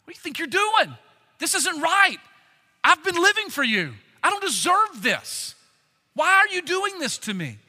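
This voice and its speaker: A man's voice: very high voice, very animated, normal speed, sharp tone, in a large hall, voice pushed up, full character voice. A man acting out Job's complaint against God in a raised, aggrieved voice. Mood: indignant. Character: Job, indignant suffering older man.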